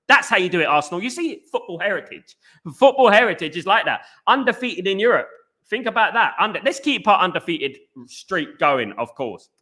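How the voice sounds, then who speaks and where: A man from England hosting a casual live football fan stream. He gives animated shout-outs to viewers and rambles with frequent restarts. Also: high-pitched. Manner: animated, greets viewers by name with "big up". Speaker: football fan channel host.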